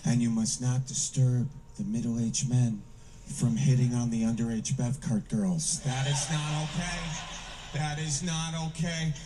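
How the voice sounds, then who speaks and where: A man's voice: medium pitch, a little slow, dark tone. Midwestern stand-up man, distant stage sound. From American Midwest. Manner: self-deprecating storytelling, punchy asides. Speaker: stand-up comedian. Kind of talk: stand-up comedy routine. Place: comedy stage before a live audience. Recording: distant stage mic with hiss.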